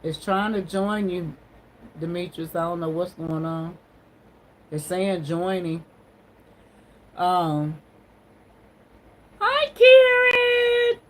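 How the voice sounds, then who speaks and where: Woman from Ohio, livestream host, low-leaning voice, encouraging, preachy, casual; faint room noise. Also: steady tone, slow, pauses often, rough recording. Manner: warm, encouraging, sermon-like. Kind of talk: casual livestream chat with viewers.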